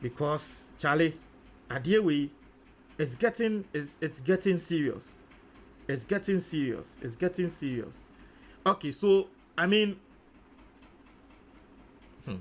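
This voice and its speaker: A man's voice: fairly high pitch, animated, slow, long pauses. A Ghanaian man giving casual commentary, thinking aloud as he works through figures, repeating numbers and mixing in Twi phrases. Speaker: news commentator.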